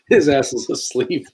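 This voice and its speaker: A man's voice: on the high side, darkish tone, breathy edge. Laid-back man hosting a live chat. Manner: laid-back, laughs often, reads chat aloud; calls his own voice a sleepy DJ voice. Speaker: live stream host. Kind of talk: casual chat.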